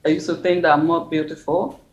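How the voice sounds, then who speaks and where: A woman from Uganda, a guest on a call from her living room. She gives an earnest, halting personal account with many restarts and repeated phrases. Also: low voice, little pitch movement, highs cut off, crowd noise. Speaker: interview guest. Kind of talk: personal testimony. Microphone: video or phone call from home.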